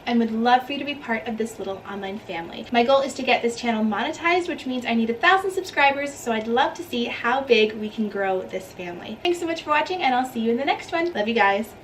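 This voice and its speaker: A woman's voice: on the high side, quick pace, few pauses, recorded from a distance, a little hiss or hum, rough recording. Chatty upbeat woman vlogger, slightly off-mic. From Ohio, United States. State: out of breath and hot. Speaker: fashion vlogger. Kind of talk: casual clothing haul chat.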